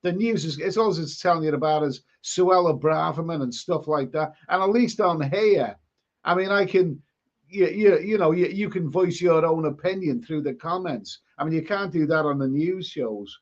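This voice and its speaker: On a casual live stream, a man with a fairly high voice reads viewer comments at a moderate pace. His rambling delivery is full of repeated words and fresh starts, captured with dull, lo-fi audio.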